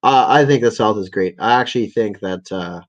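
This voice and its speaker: A man's voice: fairly low pitch, moderate pace, muffled recording. Tired, swearing man hosting a livestream. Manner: stumbling, self-correcting reading with frequent swearing. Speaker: livestream host. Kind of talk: casual live-stream chat, reading articles and viewer comments.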